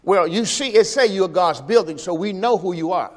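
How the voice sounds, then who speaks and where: A pastor with a high-pitched, fairly quick voice preaches in a folksy style inside a church sanctuary during a service, the sound carrying a long reverb. He repeats phrases and calls on the congregation to answer back.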